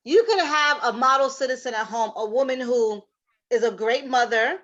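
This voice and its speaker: High-voiced woman guest, lo-fi sound. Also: normal speed, a bit bright. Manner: emphatic, agreeing banter. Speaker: podcast guest. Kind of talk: casual podcast chat.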